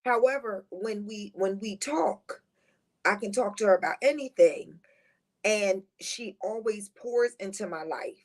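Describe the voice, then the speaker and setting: A middle-aged woman who is a guest on a talk show. She tells heartfelt, rambling personal stories in a lively, positive, high-energy way. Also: a little slow. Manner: rambling, heartfelt storytelling with restarts. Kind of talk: casual conversational interview.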